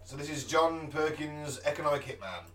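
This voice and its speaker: Teasing man, higher voice. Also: lively intonation, fairly bright tone. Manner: teasing, quick jokes. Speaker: podcast co-host. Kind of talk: casual chat. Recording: distant mic, slight background noise.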